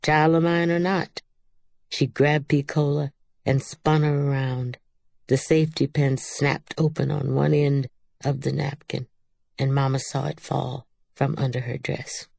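A woman narrating a literary audiobook in a measured, unhurried reading. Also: a bass voice, flat delivery, vocal fry, warm tone, breathy edge, no echo.

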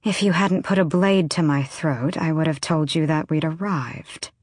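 A woman reading the part of a guarded, solemn young woman rebel who speaks tersely and quietly. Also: low-pitched, normal speed, dry recording, clean studio sound.

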